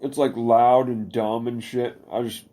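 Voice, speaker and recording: A middle-aged man chatting casually as a podcast co-host, swearing a lot and talking in animated bursts. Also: a little slow. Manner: profane, animated, bursts into high falsetto singing. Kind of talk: casual chat.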